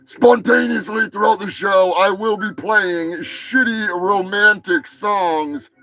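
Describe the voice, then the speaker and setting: High gravelly dude ranting on his live stream, swears a ton, music going in the back. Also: rough recording. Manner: profane, rambling, jokey, shouts greetings to chatters. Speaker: live show host. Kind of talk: crude casual livestream banter. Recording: music playing behind the voice.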